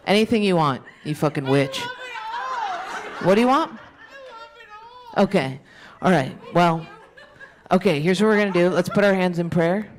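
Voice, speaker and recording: A woman's voice: lowish voice, normal speed, long pauses. A woman doing stand-up crowd work in a club, brash, profane and teasing with the audience. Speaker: stand-up comedian. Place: comedy club stage. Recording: roomy club sound from a distance. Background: laughing audience.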